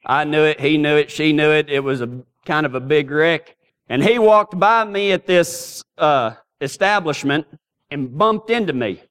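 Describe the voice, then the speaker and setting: In a fairly high, clean voice, a middle-aged pastor takes his time through a sermon built on lively, folksy, comic tales.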